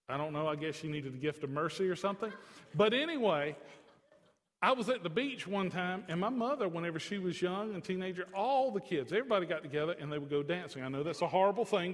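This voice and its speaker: A man preaching a sermon in a folksy, joking way, swinging from soft to emphatic. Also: high voice, fast, big-room sound. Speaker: pastor.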